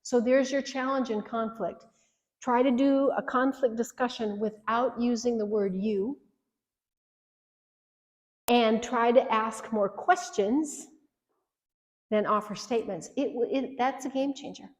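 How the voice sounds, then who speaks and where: A woman's voice: a little high, fairly even intonation, unhurried, long pauses. A woman in her sixties giving an earnest marriage workshop talk, coaching and directly challenging her listeners. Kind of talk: workshop teaching. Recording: echoey hall reverb.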